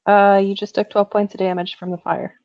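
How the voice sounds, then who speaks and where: A woman's voice: mid-range voice, level tone, a little fast, no room sound. A woman playing a tabletop game, hesitant with fillers, on a dull lo-fi mic. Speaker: player.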